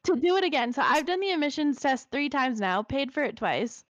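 A young woman in casual chat, telling an animated story full of "like" fillers. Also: high-pitched, fairly quick, dry recording. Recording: slightly dull lo-fi dry sound.

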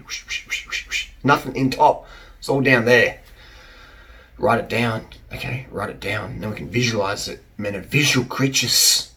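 A man's voice: lowish voice, fairly bright tone. A middle-aged man giving blunt dating advice in a casual monologue, joking and repeating his points.

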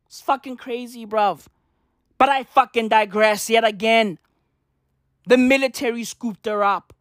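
A woman from South Africa doing a profane comedic rant, swearing constantly, full of slang and tangents, with sudden loud outbursts. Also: medium pitch, no room sound, studio quality. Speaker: comedic monologue host.

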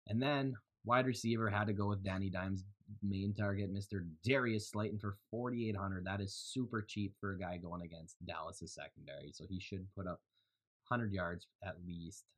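Give me a man with a slightly low voice chatting loosely about fantasy football. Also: steady tone, normal speed. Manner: laughs easily, loose and joking. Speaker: podcast co-host. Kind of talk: casual fantasy football chat.

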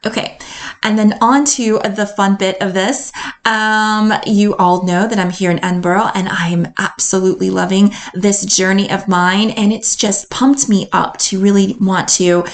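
A woman's voice: mid-range voice, steady tone, measured pace. Upbeat American woman podcasting. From North Carolina, USA. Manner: upbeat and enthusiastic, laughs often. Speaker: confidence coach and podcast host. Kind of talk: solo podcast monologue.

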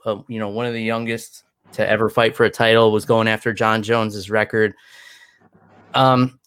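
A man's voice: mid-range voice, no room sound, clean studio sound. Tired, rambling man. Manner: rambling, chatty, many restarts. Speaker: podcast co-host. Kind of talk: casual chat.

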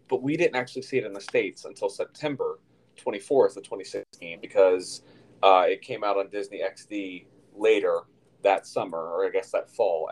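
A man's voice: low-pitched, poor audio. A man co-hosting a casual podcast, talking in a rambling, chatty way with many fillers and restarts. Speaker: podcast co-host.

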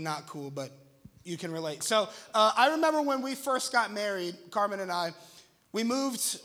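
This young pastor's voice sits high as he tells an audience a lively, jokey story. He acts out his own shouting along the way.

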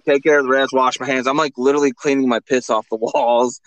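Guy cracking jokes on a podcast, easygoing slangy talk, normal pitch. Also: fairly even intonation, fast talker, rough recording. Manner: joking, slangy storyteller. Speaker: podcast co-host. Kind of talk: casual chat.

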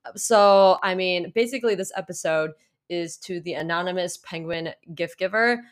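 A woman's voice: lowish voice, moderate pace. A young woman hosting a casual solo podcast, rambling and apologetic, full of restarts and fillers. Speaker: podcast host.

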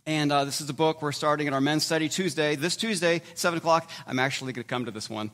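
A man preaching a sermon in a conversational way, with sudden loud emphatic bursts between quieter stretches. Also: a little high, fast, hardly any pauses. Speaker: pastor.

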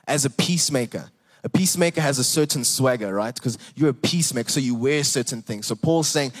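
A young man preaching a sermon, earnest and animated, repeating words and rising for emphasis. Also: medium pitch, fairly quick. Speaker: pastor.

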